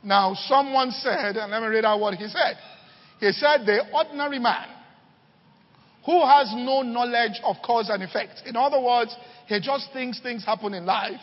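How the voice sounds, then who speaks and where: A man's voice: extremely high pitch, normal speed, big-room sound, lo-fi sound. A male pastor preaching a sermon, telling stories and often checking in with "all right" and "okay".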